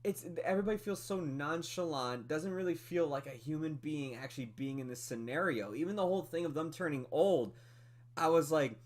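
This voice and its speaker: A fairly high-voiced man chats through a movie review on a podcast. He is animated and loose, with plenty of "like" and "um", and he laughs now and then. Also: brisk. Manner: animated, chatty, many fillers, laughs often. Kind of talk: casual film review chat.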